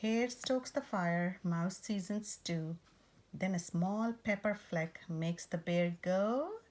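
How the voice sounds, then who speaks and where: A woman reading a rhyming picture book aloud, rhythmic and expressive. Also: fairly low pitch, slow. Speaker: storyteller.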